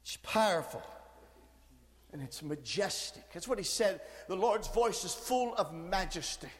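A man preaching a sermon, moving between quiet teaching and shouted, fervent passages. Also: high voice, expressive, measured pace, long reverb tail.

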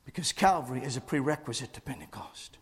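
A man preaching a sermon with rising passion, breaking into shouted lines punctuated by "uh" breaths. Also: mid-range voice, animated, quick pace.

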